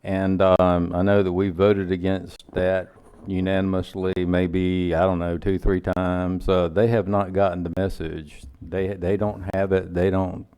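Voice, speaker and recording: A man's voice: sits low, flat delivery, a little mellow, smooth, dry recording. A man with a Southern accent, a county council member speaking emphatically at a public meeting. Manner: emphatic, measured.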